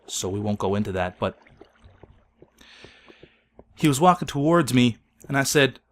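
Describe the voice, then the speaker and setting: A man hosting a gaming video, telling an absurd made-up story in a deadpan, mock-solemn way that breaks into laughter. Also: mid-range voice, measured pace, long pauses. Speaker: Let's Play host. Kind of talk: absurd tall-tale storytelling while gaming.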